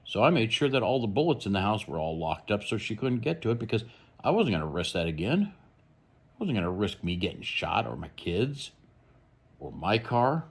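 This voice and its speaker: A man's voice: fairly low pitch, sing-song, moderate pace, breathy edge. A man hosting a true crime channel, giving blunt, rambling, opinionated commentary.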